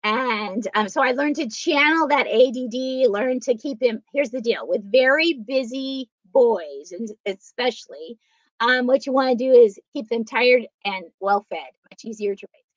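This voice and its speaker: Speaking a little slowly in a fairly high voice, a middle-aged guest recounts personal stories during an interview, animatedly voicing the dialogue. The recording sounds dull and dry.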